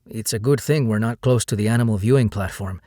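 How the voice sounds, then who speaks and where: A proud Latino jungle guide with a Spanish accent, as a male narrator puts him on. The voice sits low and sounds dry and close. He speaks with quiet pride and gentle teasing. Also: fairly quick, no room sound, lightly acted.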